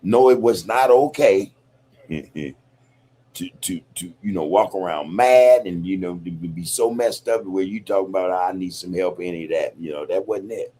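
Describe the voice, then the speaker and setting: A man's voice: low-pitched, moderate pace, mellow. A man hosting a podcast, talking in a reflective, loose, profane way, peppered with "you know, man". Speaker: podcast host. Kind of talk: casual podcast monologue.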